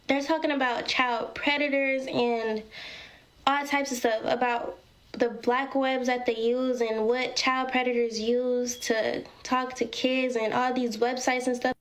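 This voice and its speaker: A woman's voice: high-pitched, a bit bright. A woman casually telling a personal story, dramatic and talking straight to her viewers. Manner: dramatic, addresses viewers as y'all.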